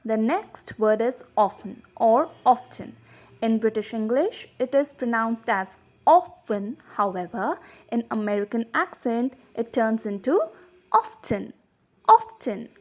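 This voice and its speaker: A woman with a fairly high voice teaches English pronunciation in an online lesson. She speaks clearly and deliberately. She says each example word carefully so viewers can copy it. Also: a little mellow.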